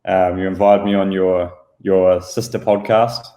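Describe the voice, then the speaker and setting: A man's voice: low voice, level tone, a little slow, warm tone, reverberant. A man cohosting a casual podcast, talking in a sheepish, rambling, apologetic way. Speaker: podcast co-host. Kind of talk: casual chat.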